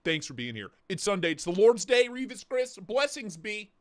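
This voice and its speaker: A man's voice: high voice, sing-song, normal speed, no echo. Dry-sounding joking man in his thirties. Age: 30s. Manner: rambling, joking, swears casually. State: sore neck and back. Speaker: livestream host. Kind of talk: casual livestream chat.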